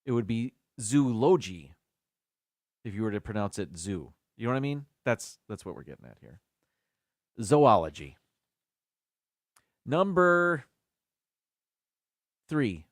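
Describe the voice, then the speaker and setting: Male host, casual and chatty, sounds out each word slowly, dry close sound. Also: medium pitch, sing-song, dry recording. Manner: chatty, repeats and sounds out words carefully. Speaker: live stream host. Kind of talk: casual chat on a live stream.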